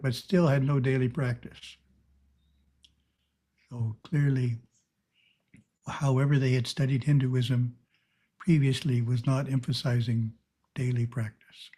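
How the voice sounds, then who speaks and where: A man giving a calm, measured spiritual teaching talk over a video call. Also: mid-range voice.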